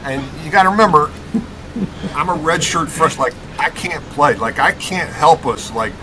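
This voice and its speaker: A middle-aged man from Rockford, Illinois, a podcast guest telling an animated story about his college basketball days, emphatic and fond of tagging his lines with "okay?". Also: a little high, moderate pace, background noise.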